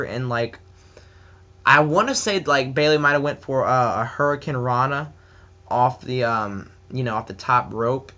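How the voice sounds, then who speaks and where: A man's voice: mid-range voice, a bit bright, lo-fi sound. A man with a Southern US accent giving a casual, enthusiastic solo wrestling review, rambling with many fillers and restarts.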